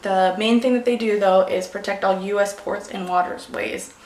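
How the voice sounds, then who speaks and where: A woman's voice: medium pitch, steady tone, normal speed, a little mellow. A young pregnant woman chatting casually in a vlog, rambling and emotional, losing her sentences. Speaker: beauty vlogger. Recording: echoey room, faint noise.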